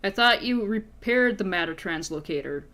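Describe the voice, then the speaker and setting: A woman voicing a tall, ant-like male alien thief who speaks in a polite, measured, formal way. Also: medium pitch, expressive, fairly bright tone, lightly acted.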